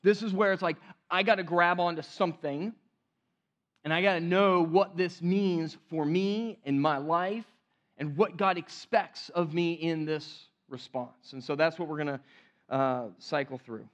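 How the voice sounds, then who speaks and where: Male pastor, high-pitched, conversational sermon delivery with hushed emphatic drops. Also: unhurried, highs cut off.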